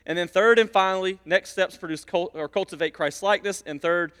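A man preaching a sermon as pastor, telling stories with animated swings between loud emphasis and quiet asides. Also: high voice, fairly quick, smooth. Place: church sanctuary. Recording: long reverb of a church hall.

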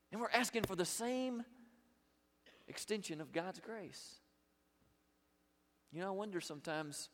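A man preaching a sermon as pastor, emphatic, with big swings between loud and quiet. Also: sits high, animated, measured pace, pauses often, big-room sound.

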